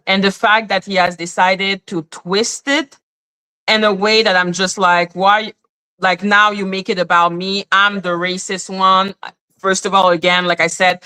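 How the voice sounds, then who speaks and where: A woman's voice: mid-range voice, sharp tone, clear, resonant tone. A woman hosting a live stream, ranting with indignation in blunt, profane talk and repeating her points over and over. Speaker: livestream host. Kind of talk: heated live commentary. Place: in Canada.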